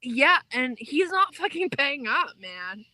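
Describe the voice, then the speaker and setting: Giggly high-voiced swearing woman. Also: sing-song, slow pace, bright, forceful tone, no room sound, poor audio. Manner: giggly, profane, playful. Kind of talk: casual podcast chat.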